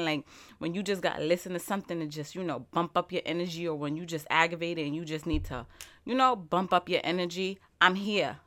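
A young woman with a deep voice, a vlogger and podcaster, chats straight to her viewers in a casual, motivational way. She's animated and emphatic, saying "like" a lot.

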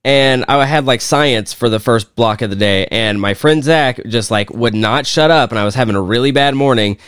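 A man's voice: medium pitch, moderate pace, a bit bright, clean tone, no room sound, studio quality. A young man co-hosting a podcast, telling rambling stories in casual chat and swearing often. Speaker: podcast co-host.

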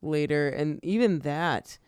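Animated woman co-hosting a film podcast. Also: low-pitched, slow, smooth, dry recording, studio quality. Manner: animated, laughs often, loves animals. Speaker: podcast co-host. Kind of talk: casual film discussion.

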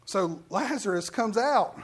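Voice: mid-range voice, animated, takes it slowly, slightly rough. A pastor preaching a sermon in a church, talking conversationally and asking the congregation questions.

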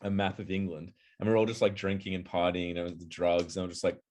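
A man's voice: sits low, little pitch movement, quick pace, a little mellow. A young man in casual chat who tells a rambling story, laughs often and stalls with repeated fillers.

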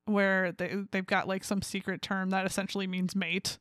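A woman co-hosting a book podcast, reacting quickly and frankly in a playful, casual chat. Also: medium pitch, little pitch movement, fairly bright tone, no echo, clean studio sound. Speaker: podcast co-host.

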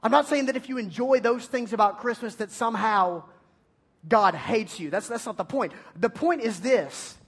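A man, preaching as a high school youth pastor, with playful storytelling and sudden loud bursts. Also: moderate pace, husky. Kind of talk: energetic youth sermon.

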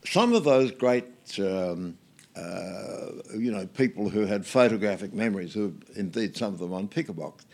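An older Australian man, a guest in an interview, telling anecdotes in a relaxed way with many fillers and restarts. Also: lowish voice, normal speed, vocal fry.

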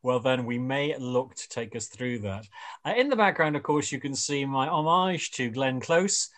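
A man's voice: mid-range voice, animated, normal speed, a bit bright. A man hosting a radio panel chat in a rambling way, with many fillers and restarts. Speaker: radio show host.

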